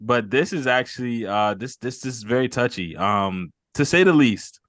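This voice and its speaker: A man's voice: medium pitch, expressive, normal speed, fairly bright tone, no echo, studio quality. A man hosting a mental health group call, talking earnestly and rambling, repeating words and laughing off his emotions.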